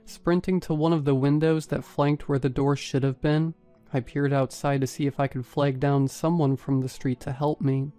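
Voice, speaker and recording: A man narrating a first-person horror story in a steady, even storytelling manner. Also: a little high, normal speed, soft background music. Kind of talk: scripted narration.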